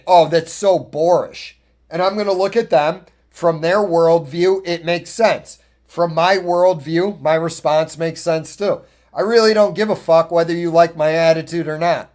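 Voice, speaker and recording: A man with a fairly high voice rants through an opinionated podcast monologue. He is blunt and swears freely, and he tells his stories in a loose, casual way. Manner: blunt, profane, ranting storyteller. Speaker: podcast host.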